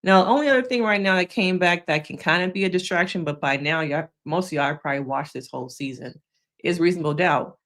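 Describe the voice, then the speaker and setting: An opinionated woman gives loose live commentary on a TV season. She has a slightly low voice and keeps checking in with the listener. Her delivery is chatty and frank. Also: quick pace, fairly bright tone. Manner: opinionated, chatty, says "okay?" often. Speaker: therapist reviewing TV shows.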